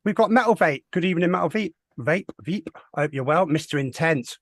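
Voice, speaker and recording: A man's voice: a little high, expressive, quick pace, no echo. A man co-hosting a casual livestream, greeting viewers with playful banter. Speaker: co-host.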